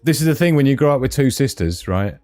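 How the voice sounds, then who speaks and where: A man's voice: mid-range voice, animated, fast talker, darkish tone, dry recording. A middle-aged British man hosting a live stream, reading viewer comments aloud in a jokey, chatty way and laughing often. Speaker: livestream host.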